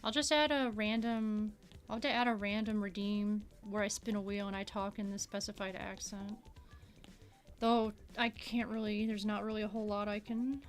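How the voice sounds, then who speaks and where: A woman's voice: medium pitch, level tone, moderate pace, soft background music. A woman streamer chatting casually with her audience and muttering to herself as she draws. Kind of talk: casual live-stream chat while drawing.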